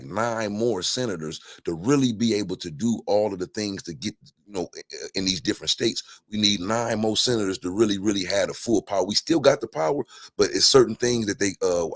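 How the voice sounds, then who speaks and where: A man's voice: on the low side, slightly rough. A man chatting casually about politics on a talk show, rambling with many restarts and fillers. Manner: animated storytelling. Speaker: guest.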